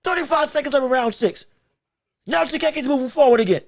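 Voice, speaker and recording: A male podcast host giving live watch-along commentary on a fight, excitable and emphatic, shouting encouragement with a strained voice. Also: extremely high pitch, fast, dry recording, clean studio sound. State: straining his voice.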